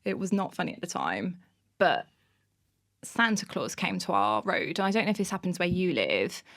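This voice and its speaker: A woman in her thirties, a podcast guest telling an animated story in casual interview chat, bursting into laughter often. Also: fairly low pitch, moderate pace.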